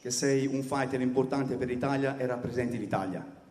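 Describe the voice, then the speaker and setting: Interpreter in an echoey hall. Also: male voice, medium pitch, fast talker, darkish tone.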